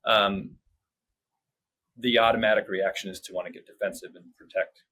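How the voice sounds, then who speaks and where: A man's voice: on the low side, fairly even intonation, moderate pace, pushed and bright, husky, low-quality recording. A man hosting an interview, asking thoughtful questions in a conversational way, often adding "like" and "right?". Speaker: podcast host.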